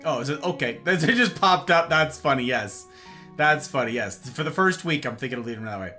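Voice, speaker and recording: A man hosting a casual livestream chat, greeting viewers by name with playful, animated asides. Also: mid-range voice, fairly quick, soft background music. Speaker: livestream host.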